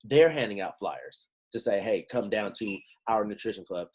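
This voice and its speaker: A man giving a lively pep talk to his team on a video call, full of slang and rhetorical questions. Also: lowish voice, moderate pace, husky, low-quality recording. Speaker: motivational team trainer.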